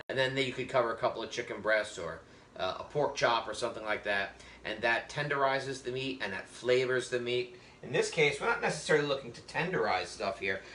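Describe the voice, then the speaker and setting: Man, cooking instructor, live online class, chatty and joking, bright voice, echoey room. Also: medium pitch, a little hiss or hum. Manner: chatty, joking, explanatory with frequent fillers. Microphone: webcam on a video call.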